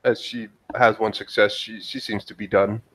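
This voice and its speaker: A man's voice: on the low side, flat delivery, moderate pace, a bit bright, slightly rough. A man taking part as a player in a tabletop role-playing game, speaking hesitantly with many fillers.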